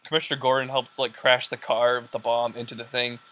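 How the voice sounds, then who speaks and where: A young man hosting a casual podcast, rambling excitedly with lots of fillers and quoted lines. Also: medium pitch, a little fast, clear, resonant tone. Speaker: podcast host. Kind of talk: casual chat.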